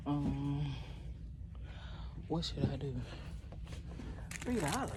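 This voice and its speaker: A woman in her thirties vlogging on a handheld phone, rambling to her viewers in a loose, chatty way. She records while out shopping and walking to her car, with clear traffic and street noise all around. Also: deep voice, animated, unhurried, pauses often. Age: 30s. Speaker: vlogger, expecting first-time mom. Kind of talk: casual vlog chat to viewers.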